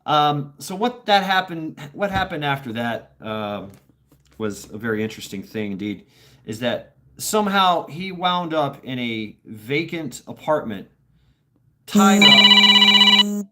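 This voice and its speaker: A man's voice: a little high, very animated, slow, sharp tone. A man from Tennessee hosting a casual livestream, telling stories in a rambling, blunt way with plenty of swearing and filler words. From Tennessee, USA. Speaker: livestream host.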